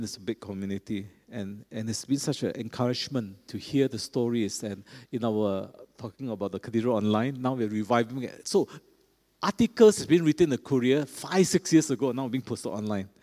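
A middle-aged pastor with a mellow, medium-pitched voice gives a sermon in a large church, whose long reverb colors the recording. He talks to the congregation casually and checks in with them often.

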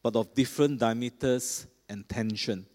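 Preacher in a reverberant cathedral. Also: male voice, medium pitch, normal speed, a little mellow. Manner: earnest, with frequent fillers and restarts. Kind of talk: sermon. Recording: long hall reverb.

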